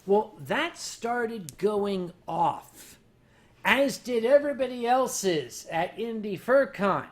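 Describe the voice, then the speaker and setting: An older man hosting a livestream, rambling through stories to his chat while drinking, mocking himself and turning loud on the punchlines. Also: high voice, expressive, slow. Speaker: livestream host. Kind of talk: casual storytelling to a chat.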